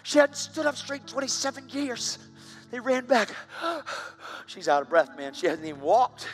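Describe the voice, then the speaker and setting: A man preaching a sermon, telling a story with animated energy and rising to loud, excited bursts. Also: very high voice, moderate pace, soft background music.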